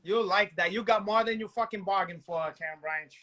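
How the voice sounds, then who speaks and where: Casting: male co-host, high pitch, crude playful banter. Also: normal speed, bright, forceful tone. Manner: joking, profane banter. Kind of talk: casual chat.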